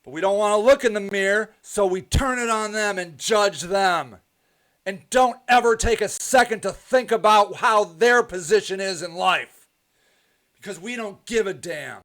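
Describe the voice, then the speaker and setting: High-voiced man ranting on a live stream. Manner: preachy, repetitive, ranting then softly rambling. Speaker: host of a live stream show. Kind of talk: impassioned live stream monologue.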